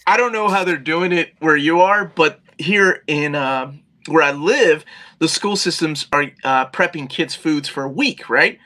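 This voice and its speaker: A man's voice: a little high, a little slow. A middle-aged man co-hosting a casual chat about games, telling stories animatedly. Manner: animated, acts out yelling at friends. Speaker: podcast co-host.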